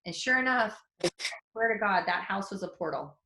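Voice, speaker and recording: A woman in her forties, a psychic development teacher, telling a story in a webinar in a casual, candid, animated way with mild swearing. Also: medium pitch, normal speed, roomy sound.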